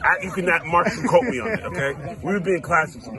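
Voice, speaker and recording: Lively laughing man telling a story. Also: fairly high pitch, fast, a crowd in the background. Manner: laughing, acts out quoted voices. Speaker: childhood friend telling a story. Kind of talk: animated storytelling.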